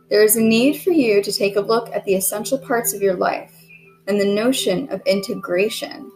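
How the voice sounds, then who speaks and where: A woman giving a casual tarot reading, chatty and self-deprecating, who keeps clearing her throat. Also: mid-range voice, darkish tone, rough recording. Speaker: tarot reader.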